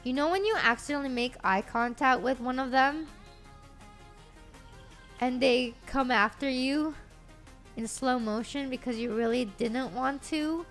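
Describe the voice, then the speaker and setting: A woman streamer chatting excitedly with her live chat. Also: high-pitched, measured pace, long pauses, soft background music.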